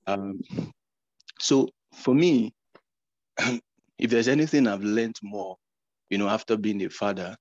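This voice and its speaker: Halting man on a muffled call. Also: fairly low pitch, a little mellow, no echo. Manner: halting, repeats words, earnest. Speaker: participant. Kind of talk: casual faith sharing. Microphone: video call.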